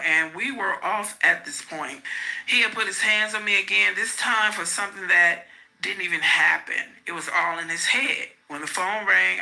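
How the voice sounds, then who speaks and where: A woman hosts a podcast, reading a memoir aloud in a gravelly voice with plenty of fry. Her tone is bright and sharp, and she pauses to add her own remarks between passages. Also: lowish voice, low-quality recording. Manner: breaks off to comment on the text. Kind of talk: reading a book aloud with asides.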